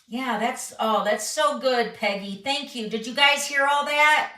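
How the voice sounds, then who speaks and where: A middle-aged woman hosts a live card-making tutorial, chattily guiding viewers through each step and reading their questions aloud. Her voice is high-pitched, unhurried, and sharp, picked up by a distant mic in a roomy space so she sounds a bit off-mic.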